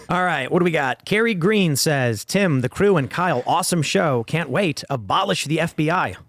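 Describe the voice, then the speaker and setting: A man's voice: on the high side, animated, moderate pace, fairly bright tone, dry recording, studio quality. A man hosting a podcast, chatting casually with his panel, reading viewer comments aloud and often repeating words as he starts a sentence. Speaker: podcast host.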